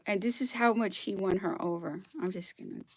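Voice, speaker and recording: Woman ranting to her camera, worked up and near tears, whispers bits, mid-pitched voice, dry sound. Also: a little fast, no echo. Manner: emotional, drops into whispered asides, near tears. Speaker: vlogger reading history aloud. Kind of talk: impassioned solo monologue.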